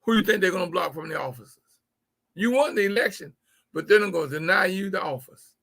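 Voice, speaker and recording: A man's voice: high-pitched, brisk, creaky, fairly bright tone. A man hosting a live-streamed political talk, speaking emphatically to his viewers, often repeating words as he builds his point. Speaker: livestream show host.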